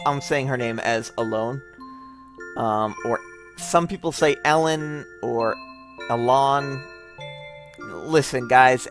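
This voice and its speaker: A man's voice: mid-range voice, a bit bright. A tipsy man hosting a let's play, rambling with joking asides in casual gameplay commentary on a close mic that pops. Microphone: close mic with popping.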